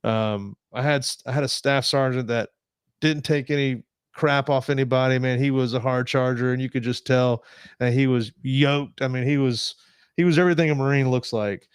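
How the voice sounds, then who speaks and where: A man's voice: mid-range voice, steady tone, normal speed, smooth, no room sound, studio quality. A man in his forties, a veteran guest telling his story in a casual interview, rambling with fillers and restarts. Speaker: podcast guest, Marine veteran. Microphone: desk podcast mic.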